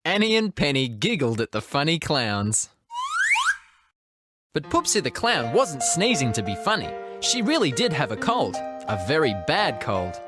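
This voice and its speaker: A narrator reading a children's storybook with lively expression. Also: mid-range voice, unhurried, soft background music.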